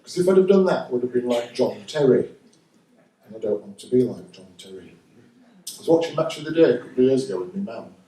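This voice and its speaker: Dry Northern English stand-up comic. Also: male voice, mid-range voice, animated, quick pace, warm tone. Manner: dry, wry delivery. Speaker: stand-up comedian. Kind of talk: stand-up comedy set. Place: live comedy venue with audience. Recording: roomy live recording from a distance.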